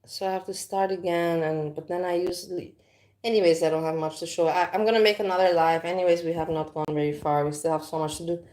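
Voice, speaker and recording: A woman hosts a casual livestream from her kitchen, talking to viewers in a frank, rambling way. Her voice sits a little low, and the sound is picked up by a phone. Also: steady tone, fast, darkish tone. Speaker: livestream host. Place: home kitchen.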